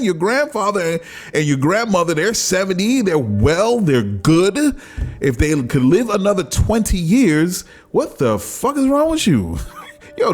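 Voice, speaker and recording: Male podcast host, casual monologue, very lively pitch, faint music under. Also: breathy edge. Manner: animated, laughing, mock voices of others. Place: home.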